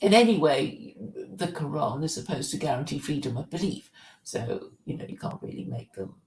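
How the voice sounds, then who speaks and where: A woman hosting a casual discussion in a gravelly voice with some vocal fry. She speaks hesitantly, often repeating words as she works out her point. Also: sits low, lively intonation, normal speed, darkish tone, roomy sound. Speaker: host.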